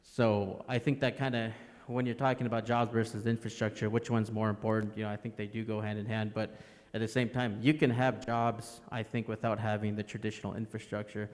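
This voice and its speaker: A man speaking as a lawyer at a public panel, measured and musing, his low voice staying level and even. The sound carries a long echo from a large hall. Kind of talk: casual public comments. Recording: echoey hall.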